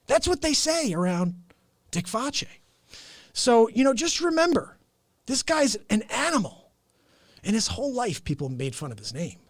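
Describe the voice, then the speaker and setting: A man hosting his show with an improvised, rambling comic rant, mock-indignant and animated. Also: extremely high pitch, moderate pace, long pauses, dry recording, studio quality. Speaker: host.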